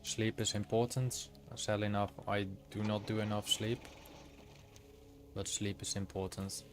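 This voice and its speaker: A man with a fairly low pitch and little pitch movement talks a little slowly over slight background noise. He is streaming a game and chatting easily with his viewers, game music playing beneath.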